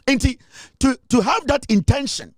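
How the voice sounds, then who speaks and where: A man's voice: very high voice, expressive, normal speed, no echo, clean studio sound. A man with a Ghanaian accent delivering a heated, scornful political rant, repeating himself and mixing in Twi. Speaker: political commentator.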